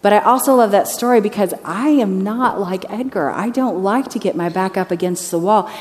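A woman's voice: mid-range voice, normal speed. Woman preacher in a reverberant hall. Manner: lively anecdotal storytelling, acts out dialogue. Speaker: missionary speaker. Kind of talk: storytelling sermon. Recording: long reverb of a large hall.

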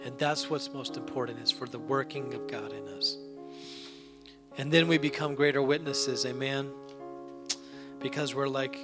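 A man preaching a sermon, telling a long joke story and addressing his congregation, sometimes rising to loud emphatic passages. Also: medium pitch, steady tone, normal speed, long pauses, over loud music. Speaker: pastor. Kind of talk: sermon with an anecdote.

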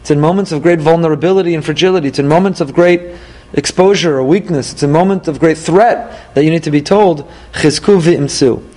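A man, apparently middle-aged, leading a Torah class, lively and emphatic, reading Hebrew verses and paraphrasing them. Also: on the high side, quick pace. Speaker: rabbi teaching weekly Torah portion.

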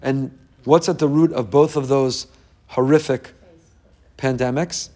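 A man's voice: mid-range voice, fairly even intonation, unhurried, mellow. Earnest middle-aged male religious teacher, sermon delivery, builds force through repetition. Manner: earnest, emphatic, piles up repeated phrases. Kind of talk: inspirational sermon.

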